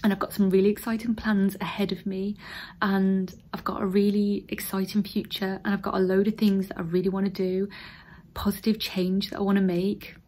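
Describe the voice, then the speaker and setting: English woman in her 30s, teary casual vlog, drops into whispers, average pitch. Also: flat delivery, fairly quick, mellow. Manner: emotional, tearful, breaking into whispers. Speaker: vlogger, newly qualified nurse. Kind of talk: casual vlog talk to camera. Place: emptied room at home, indoors.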